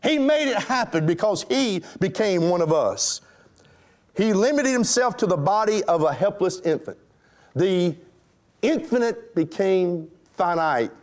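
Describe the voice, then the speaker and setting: A man's voice: sits high, very animated, unhurried. A man preaching a sermon to his congregation, emphatic and rhetorical, addressing them directly. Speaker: pastor.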